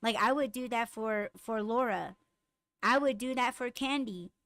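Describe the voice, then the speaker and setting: A woman hosting a podcast, chatting casually and bluntly with lots of swearing, getting raised and animated when riled. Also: a little high, unhurried, no echo. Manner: blunt, profane storytelling. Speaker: podcast host. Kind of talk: casual chat with live comments.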